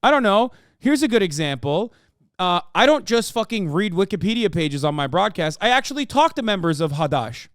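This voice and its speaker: Sharp-voiced man ranting hard. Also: high voice, sing-song, a little fast, no room sound, studio quality. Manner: profane, exasperated, mocks others in put-on voices. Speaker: streamer reacting to a video. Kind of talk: heated livestream rant.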